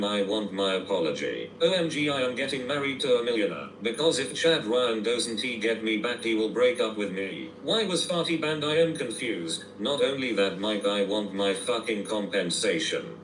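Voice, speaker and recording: A text-to-speech male voice reading out viewer messages in a flat, mechanical way. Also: lowish voice. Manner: flat, mechanical delivery, reads out emoji names. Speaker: text-to-speech chat reader. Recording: roomy, distant and noisy playback.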